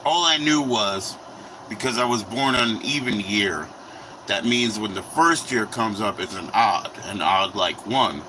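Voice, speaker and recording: A man's voice: lowish voice, measured pace, noisy background. A man in his forties rambling and swearing casually as he hosts a livestream from his kitchen and talks to viewers. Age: 40s. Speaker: livestream host. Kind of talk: casual livestream chat while cooking. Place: home kitchen.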